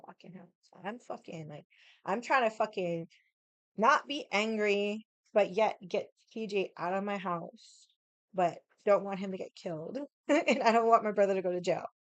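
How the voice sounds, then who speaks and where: A woman vlogger telling a story in a casual, animated way, swearing a lot and using lots of "like" fillers. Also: medium pitch, moderate pace, no echo. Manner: animated, heated retelling.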